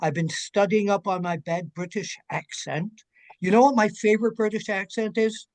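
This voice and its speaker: Older male guest, jokey raconteur, lively, a touch high-pitched. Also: normal speed. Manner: energetic, jokey storyteller. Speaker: guest, wrestling journalist. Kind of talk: casual chat.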